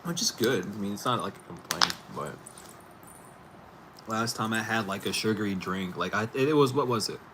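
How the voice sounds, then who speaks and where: Speaking with a medium-pitched, fairly bright voice, a man does tarot readings on a casual live stream from inside his home. He rambles freely, swears and laughs often, and the noisy audio is picked up by a computer or camera mic.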